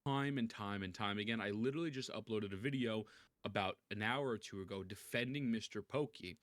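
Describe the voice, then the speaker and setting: A man recorded in his bedroom at night, giving calm, measured commentary on a video. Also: on the low side, no room sound. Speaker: content creator in a played video. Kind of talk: talking-head commentary.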